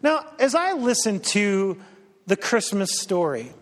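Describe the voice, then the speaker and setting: A man's voice: high-pitched, sing-song, slow pace, a bit bright, in a large hall. A middle-aged male pastor giving a conversational, storytelling sermon with dry humor.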